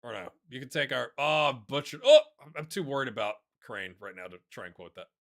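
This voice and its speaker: A man giving casual, excitable commentary on a football management game, chatting to his viewers and calling the players lads. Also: medium pitch, brisk. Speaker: gaming YouTuber. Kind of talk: casual let's-play commentary.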